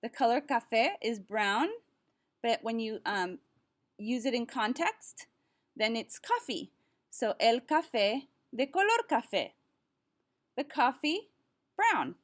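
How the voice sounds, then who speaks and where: A woman teaching a vocabulary lesson, pronouncing each word slowly and carefully and pausing for the listener to repeat. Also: on the high side, big pitch swings. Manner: slow, careful enunciation with repeat-after-me pauses. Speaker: Spanish teacher.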